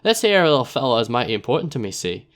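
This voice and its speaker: A man voicing a shifty, wary scrap merchant who talks in a rough drawl, calling people "mate.". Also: on the low side, little pitch movement, fairly quick. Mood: gruff. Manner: rough-edged drawl, says "mate" and "aye".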